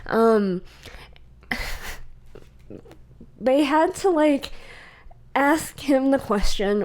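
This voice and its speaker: A woman's voice: sits high, lively intonation, extremely slow, pauses often, darkish tone. A young woman co-hosting a podcast in casual chat, rambling with frequent laughs and acting out quoted exchanges. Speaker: podcast co-host.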